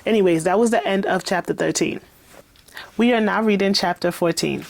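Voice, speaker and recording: A woman's voice: mid-range voice, fairly quick, gravelly. A woman author reading her own novel aloud and breaking off for candid, chatty commentary. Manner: chatty, candid, laughs and swears in asides. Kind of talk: read-along with casual commentary.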